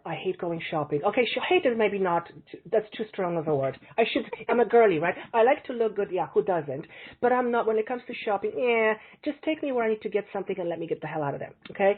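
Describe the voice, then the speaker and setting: A woman guest tells her stories in a chatty, animated way, slipping into the voices of the people she describes. Her voice is a little husky. The sound comes through a narrow, phone-like call line. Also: mid-range voice. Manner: chatty, animated anecdotes with acted-out quotes. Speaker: psychic medium guest. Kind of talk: casual interview storytelling. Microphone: remote call line. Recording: tinny call audio.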